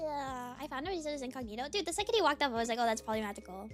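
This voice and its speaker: A woman's voice: sits high, lively intonation, faint music behind. A woman streamer chatting casually with her viewers, giggly and teasing, her voice a bit worn. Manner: giggly, teasing, rambling with fillers; reads out chat names rapidly. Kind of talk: casual chat with chat.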